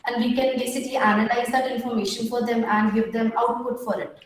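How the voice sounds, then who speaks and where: A young woman pitching her startup, a bit nervous, with many filler pauses and restarts. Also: fairly even intonation. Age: young adult. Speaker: startup founder. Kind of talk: pitch at an online women entrepreneurs' meetup. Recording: very echoey room.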